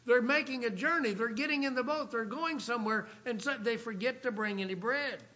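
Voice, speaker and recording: High bright-voiced male preacher. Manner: reads scripture aloud, slows down for emphasis. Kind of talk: sermon. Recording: dull lo-fi recording.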